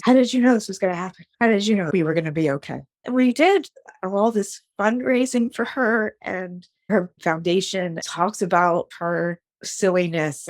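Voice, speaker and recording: A woman's voice: on the low side, dry recording. A woman around forty from New Jersey, a podcast guest telling a personal story in a frank, blunt way, swearing casually and acting out the dialogue she quotes. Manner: acts out quoted dialogue with animated shifts.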